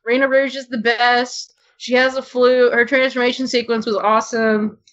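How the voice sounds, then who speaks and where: Gushing fast-talking podcast woman. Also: fairly high pitch, little pitch movement, fairly bright tone. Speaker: podcast co-host. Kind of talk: casual chat. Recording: dull lo-fi podcast audio.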